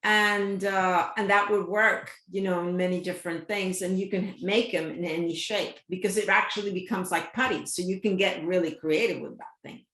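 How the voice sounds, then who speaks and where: Woman co-host, lower pitch, meandering storyteller, roomy echo. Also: fairly even intonation, normal speed, hardly any pauses. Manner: rambling, warm anecdotes with soft laughs. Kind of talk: casual chat. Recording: echoey room.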